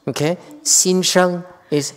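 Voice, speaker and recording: Slow emphatic monk in a reverberant hall. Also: male voice, high-pitched, steady tone. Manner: emphatic, keeps questioning the audience. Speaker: Buddhist master teaching. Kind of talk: dharma talk with live interpretation. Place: monastery hall.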